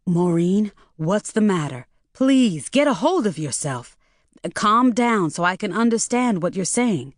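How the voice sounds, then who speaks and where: A woman narrator voicing a concerned grown man trying to calm a friend, soothing but blunt. The reading is slow and dry, close to the mic. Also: mid-range voice, no echo.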